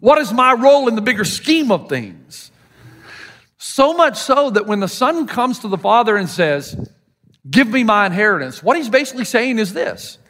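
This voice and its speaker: A middle-aged Southern pastor from the United States preaches a sermon in a high-pitched voice at a moderate pace. He tells stories with animation, acting out the people he quotes in an American Southern accent.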